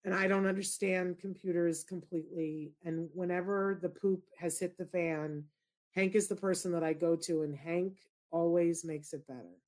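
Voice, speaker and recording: Middle-aged woman, talk show host, animated storyteller with big pitch jumps. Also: moderate pace. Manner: expressive, shifts into high excited squeals when retelling. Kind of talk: animated storytelling in casual chat.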